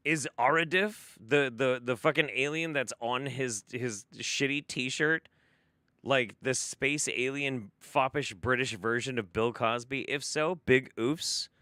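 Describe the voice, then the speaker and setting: A man's voice: mid-range voice, slow pace, bright, forceful tone, no echo, clean studio sound. A man hosting a live stream, reacting to a video with sarcastic, profane, mocking commentary.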